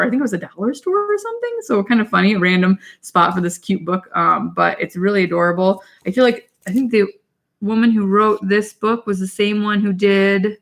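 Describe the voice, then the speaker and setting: Chatty young mother with a gravelly edge. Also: medium pitch. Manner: chatty, rambling with frequent side remarks. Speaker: mother giving parenting tips. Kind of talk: casual chat to camera.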